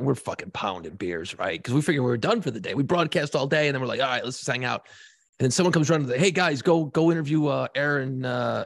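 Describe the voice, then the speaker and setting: A man's voice: mid-range voice, creaky, no echo, clean studio sound. A middle-aged man from New Orleans telling a long story on a podcast, swearing freely and acting out the voices in it. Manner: profane, animated storyteller. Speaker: podcast co-host. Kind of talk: casual storytelling.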